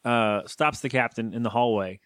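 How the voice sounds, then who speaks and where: A man's voice: medium pitch, moderate pace, fairly bright tone, clean tone, no echo, studio quality. A man co-hosting a podcast, chatting casually and jokingly about a TV episode, rambling with lots of fillers. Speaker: podcast co-host. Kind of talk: casual chat recapping a TV episode.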